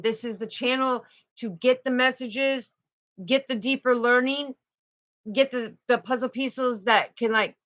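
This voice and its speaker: A woman's voice: fairly high pitch, sharp tone, low-quality recording. A middle-aged woman, hosting a casual spiritual livestream, effusive and protective as she greets her viewers by name.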